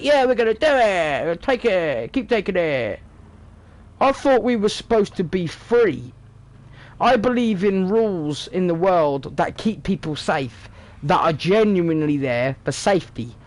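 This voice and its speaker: High-voiced British man ranting. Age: 30s. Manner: sweary, sarcastic, animated ranting. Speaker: vlogger. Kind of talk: casual ranting monologue.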